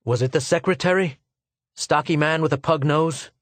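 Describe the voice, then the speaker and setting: A man's voice: on the high side, moderate pace, no echo, clean studio sound, pitched above the performer's own voice, lightly acted. Audiobook figure: a proud, despairing archaeologist, urgent and pressing, read by a male narrator. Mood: demanding. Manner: urgent, demanding questions.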